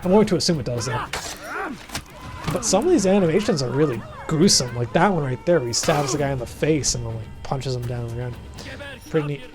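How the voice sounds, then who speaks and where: A man's voice: medium pitch, animated, fairly quick. A young man casually chatting while playing a game, rambling with many fillers and frequent laughs. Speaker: gaming channel host. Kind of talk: casual let's-play commentary. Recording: game music behind the voice.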